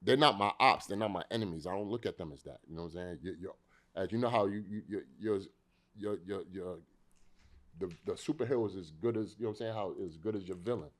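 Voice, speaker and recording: A man, a podcast guest telling stories in fast, rough street talk. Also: low voice. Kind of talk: casual storytelling.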